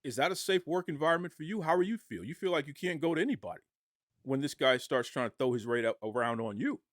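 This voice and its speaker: A man giving impassioned podcast commentary, arguing forcefully and firing off rhetorical questions. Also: on the high side, expressive, quick pace, no echo, studio quality.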